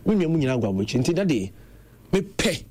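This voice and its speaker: Animated Ghanaian man telling stories. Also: fairly high pitch, fast. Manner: animated, switching between Twi and English. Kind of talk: casual conversational storytelling. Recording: faint background noise.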